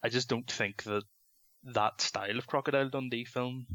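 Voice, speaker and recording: A man from London, a podcast guest talking casually and at an easy, measured pace, with many ums. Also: medium pitch, steady tone, sharp tone.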